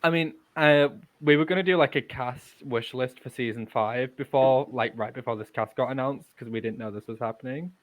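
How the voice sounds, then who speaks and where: Chatty male podcast co-host. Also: medium pitch. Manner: chatty, playful, quick to correct others. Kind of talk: casual chat.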